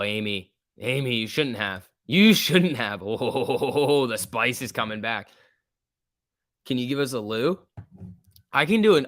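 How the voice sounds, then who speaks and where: In a dry recording without room echo, a man with a mid-range, slightly bright voice runs a live stock trading stream. He comments casually on how prices move, reads viewers' questions aloud and responds, his talk rambling and full of fillers such as "like" and "um".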